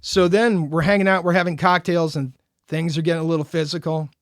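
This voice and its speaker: High-pitched guy telling a story on a podcast, acts out the lines, dry mic. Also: little pitch movement, brisk, no echo. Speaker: podcast co-host. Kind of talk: casual storytelling chat.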